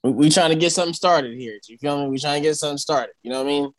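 A man's voice: a little high, racing, rough recording. A man co-hosting a casual podcast, talking in a laid-back drawl. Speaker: podcast co-host. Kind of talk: casual chat.

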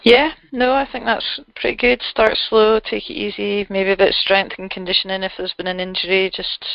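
Creaky-voiced woman, easygoing chat. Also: mid-range voice, little pitch movement, brisk, slight background noise. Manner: easygoing, encouraging. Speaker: co-host. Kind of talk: casual chat. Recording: dry, dull lo-fi recording.

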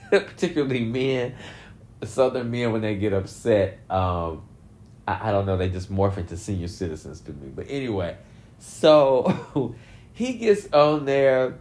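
Laughing, profane man with a lowish voice. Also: a little slow. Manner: laughs often, profane, animated. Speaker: commentary vlogger. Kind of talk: casual commentary.

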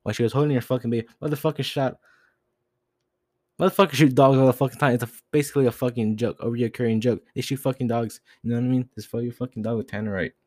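A man's voice: mid-range voice, fairly even intonation, fast talker, darkish tone, dry recording. A young man ranting alone as a podcast host, profane and agitated, rambling and swearing constantly. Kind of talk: solo rant.

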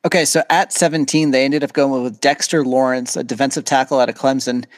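A man co-hosting a podcast, playing a therapist in a mock therapy session, asking calm, measured questions. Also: mid-range voice, no room sound. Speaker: podcast co-host acting as therapist.

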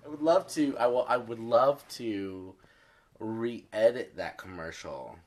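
A man's voice: medium pitch, takes it slowly, darkish tone. A man co-hosting a podcast, chatting casually and often filling his talk with "like.". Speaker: podcast co-host.

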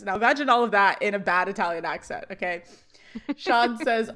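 A woman's voice: medium pitch, moderate pace, fairly bright tone. A woman co-hosting a podcast, animatedly retelling a sitcom scene and quoting the characters with laughs. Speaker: podcast co-host. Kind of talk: casual recap chat.

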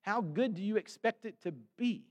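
A man preaching a sermon in a conversational way, with sudden bursts of loud emphasis. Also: high-pitched, normal speed. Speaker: pastor. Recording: long hall reverb.

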